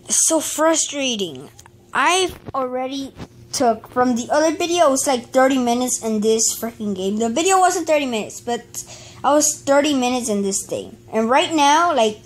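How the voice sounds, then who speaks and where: A woman's voice: sits high, animated, normal speed. A woman giving casual gameplay commentary as a channel host, frustrated and exclaiming at the game as she plays.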